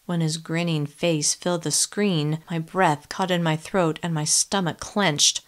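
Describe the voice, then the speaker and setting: Woman, audiobook narrator, first person, expressive, lowish voice. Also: measured pace.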